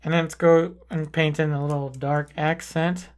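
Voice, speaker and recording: A man calmly talking through a portrait painting tutorial, thinking aloud as he paints. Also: a little high, smooth. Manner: calm, unhurried, thinking aloud while painting. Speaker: painting instructor. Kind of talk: relaxed painting tutorial narration.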